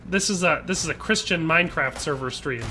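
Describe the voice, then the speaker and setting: Bright-voiced Midwestern man streaming games. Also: a little high, brisk, a little hiss or hum. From Wisconsin, USA. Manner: rambling, joking, reads chat aloud. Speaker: game streamer. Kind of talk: casual live-stream chat while gaming.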